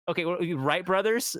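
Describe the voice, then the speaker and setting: A man's voice: high voice, fairly bright tone, dry recording, studio quality. A young man co-hosting a podcast in casual chat, laid-back, swearing and saying "dude" a lot. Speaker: podcast co-host.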